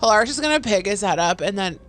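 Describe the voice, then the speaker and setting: A woman's voice: medium pitch, animated, fast, fairly bright tone, faint music behind. A woman playing a tabletop game who talks chattily and laughs often. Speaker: player. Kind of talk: casual chat.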